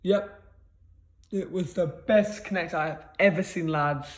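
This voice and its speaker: A man with a notably high voice talks on in a loose, rambling monologue. He stumbles over words and restarts often, and keeps ending phrases with a low, quiet mutter. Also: measured pace. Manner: repeats "lads" in a low mutter, stammering restarts. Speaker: vlogger.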